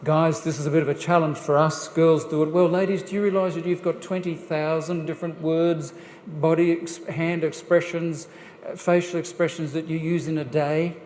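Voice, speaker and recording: A man's voice: a little high, normal speed, slight background noise. Jokey man in a church hall. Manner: jokey, lively, addresses the audience directly with questions. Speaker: guest speaker on family life. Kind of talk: church seminar talk. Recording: echoey church hall, faint ambience.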